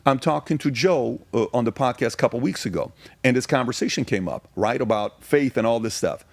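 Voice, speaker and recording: This middle-aged Iranian man, a guest on a podcast, speaks in a mid-range voice with no room sound. He tells casual stories emphatically, hammering his points home with rapid-fire repetition.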